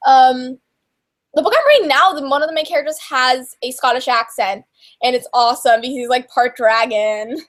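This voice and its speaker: Teenage girl, high voice, gushing, filler-heavy, casual livestream chat. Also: normal speed. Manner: giggly, gushing, many fillers. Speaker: co-host.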